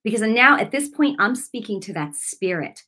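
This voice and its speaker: Animated woman minister telling a story. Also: a little high, moderate pace. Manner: animated and emphatic, laughs often while telling. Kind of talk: storytelling sermon for a broadcast.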